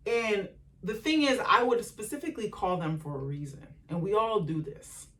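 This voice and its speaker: A woman with a mid-range voice, recorded from a distance, talks a little fast as she hosts a solo motivational podcast. She's conversational and animated, asking the listener questions and acting out the voices of her family and parents.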